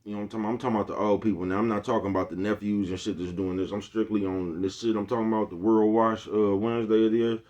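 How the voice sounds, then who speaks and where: Rapid-fire and barely pausing, a middle-aged vlogger talks to viewers in casual street slang, often checking in with them along the way. His fairly low voice has little pitch movement and a darkish tone, and the high frequencies are cut off.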